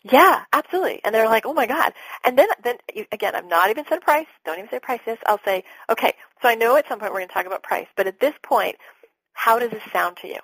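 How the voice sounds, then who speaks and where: A middle-aged woman, a business coach being interviewed, talking in an animated way and acting out her sales calls. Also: on the high side, fast talker, husky, no echo, poor audio. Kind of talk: podcast interview talk.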